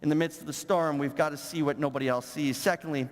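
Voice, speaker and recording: Emphatic preacher in a reverberant hall. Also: male voice, a little high, steady tone, quick pace. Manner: emphatic, repetitive preaching with stammered restarts. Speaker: pastor. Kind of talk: sermon.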